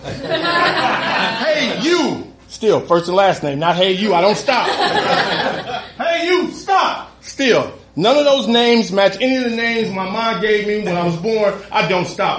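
A man telling a comic, profane story live on stage, with an animated delivery and cheeky asides. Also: high voice, reverberant. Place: stage in a venue.

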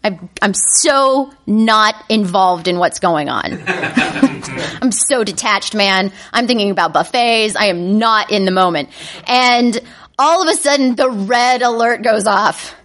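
A woman telling a comedic personal story to a live audience, animated and self-mocking. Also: mid-range voice, slow pace. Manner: animated, self-mocking, breaks into panicked inner voices.

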